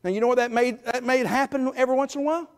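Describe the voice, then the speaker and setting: A middle-aged man preaching a sermon in a church, folksy and emphatic, swinging between loud calls and quiet asides. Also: very high-pitched, steady tone, rapid-fire. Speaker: guest preacher. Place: church sanctuary.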